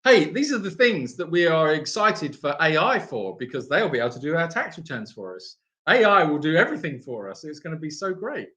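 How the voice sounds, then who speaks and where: A middle-aged woman co-hosting a livestream, chatty and excitable, laughing often. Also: deep voice, brisk, few pauses. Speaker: livestream co-host. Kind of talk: casual livestream chat.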